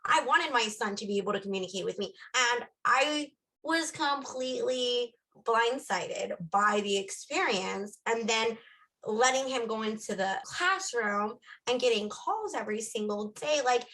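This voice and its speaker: A woman's voice: on the high side, lively intonation, measured pace, sharp tone, poor audio. A woman co-hosting a parenting podcast, telling a candid personal story in casual chat and acting out bits of dialogue.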